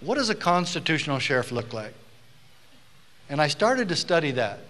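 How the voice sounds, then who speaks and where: Male rally speaker with a bright, forceful voice, punching key words loudly and lingering in a big echoing hall. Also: a little high, very animated, normal speed. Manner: emphatic, swells to loud rallying stresses; storytelling, acts out the people he quotes. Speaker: former sheriff giving a speech. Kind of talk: public speech to a live audience. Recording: long hall reverb.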